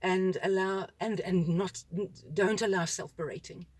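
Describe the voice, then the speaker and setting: A woman with a South African accent, a school principal, talking in a relaxed discussion and acting out what children and parents say. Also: medium pitch, a little slow, no echo. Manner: animated, acts out children's and parents' voices. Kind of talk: conversational discussion.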